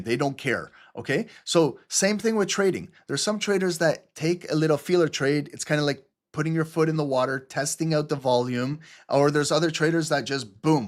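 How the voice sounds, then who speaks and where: A man hosting a live trading stream in loose, casual commentary, chatty and prone to swearing and side jokes. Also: fairly high pitch. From Canada. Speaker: trading livestream host.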